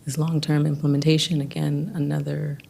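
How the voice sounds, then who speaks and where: A woman presenting planning staff updates at a public board meeting, hurried and apologetic with many ums, losing her voice. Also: low voice, monotone, vocal fry, mellow, husky.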